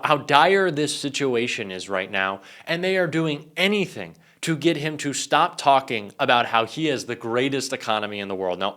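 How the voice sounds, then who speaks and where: A man's voice: mid-range voice, fairly bright tone. A young man giving emphatic, indignant political commentary.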